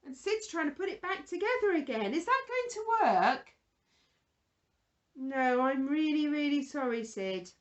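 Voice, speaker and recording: A woman leads a Bible lesson for small children and chats with a puppet friend. Her voice sits high and swoops up and down, and she takes her time over each word, in the soft, exaggerated manner of someone talking to toddlers. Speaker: children's church presenter.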